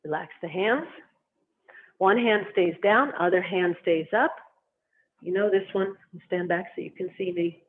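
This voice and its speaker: A qigong instructor calmly guiding students step by step through slow movement and stretching exercises. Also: mid-range voice, slight background noise. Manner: calm, gently instructive, cueing each movement. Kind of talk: guided movement lesson. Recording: tinny phone-like sound.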